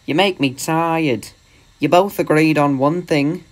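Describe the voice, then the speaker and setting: A man's voice: on the high side, slow, pitched above the performer's own voice. A man voicing a cheeky, impatient storybook engine. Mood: mocking. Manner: impatient, mocking. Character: cheeky vain male steam engine.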